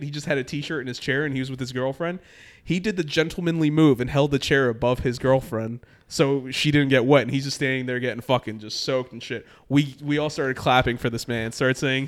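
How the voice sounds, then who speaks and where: A man from New Jersey tells a rambling story in a relaxed, casual chat. His voice sits at an ordinary middle pitch, and he jumps between loud, heated bursts and quieter asides. He swears freely as he goes. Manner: animated, profane, storytelling.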